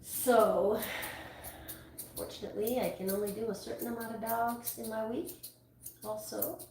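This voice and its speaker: A woman's voice: a little high, moderate pace, darkish tone. Chatty woman in an echoey salon. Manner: rambling, chatty, full of restarts. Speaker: dog groomer. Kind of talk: casual chat while working. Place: grooming salon. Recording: echoey room, distant mic, faint noise.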